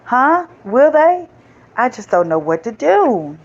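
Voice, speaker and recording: A woman's voice: mid-range voice, big pitch swings, moderate pace, voice pushed up. A woman voicing a small, boastful, possessive male seed in an emphatic, sing-song storybook delivery, on slightly dull lo-fi audio. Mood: regretful.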